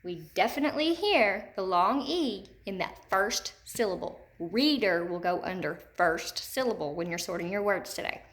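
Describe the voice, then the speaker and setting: A woman teacher giving a recorded phonics lesson to children. She speaks slowly and clearly and says each word several times. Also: medium pitch, lively intonation, a bit bright.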